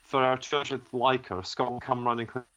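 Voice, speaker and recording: A man's voice: medium pitch, flat delivery, a little fast, fairly bright tone, low-quality recording. A man co-hosting a podcast, chatting in an easygoing, teasing way. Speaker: podcast co-host. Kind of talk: casual chat.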